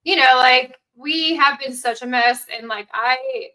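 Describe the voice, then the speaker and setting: A woman's voice: high-pitched, unhurried, sharp tone, rough recording. A woman guest on a podcast, chatting candidly and casually, with lots of "like". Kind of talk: casual chat.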